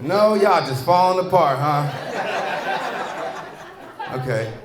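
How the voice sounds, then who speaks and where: A man's voice: a little high, expressive, takes it slowly. A man doing a rambling, profane stand-up comedy set, talking straight to the crowd. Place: comedy club stage with audience. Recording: echoey club with crowd noise. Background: audience laughter.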